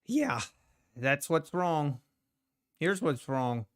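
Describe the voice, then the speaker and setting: Guy streaming his trades live, chatty n slow, kinda high voice, smooth. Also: big pitch swings, fairly bright tone. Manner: rambling, talks to the market and to chat viewers. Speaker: trading livestream host. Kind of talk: casual live commentary while trading.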